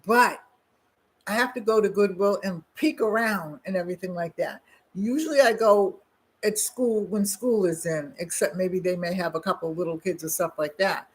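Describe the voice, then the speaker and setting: A woman's voice: fairly low pitch, normal speed, slightly rough. An older woman hosting her own channel, chatting casually and telling rambling stories full of asides and restarts. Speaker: channel host. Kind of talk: casual chat.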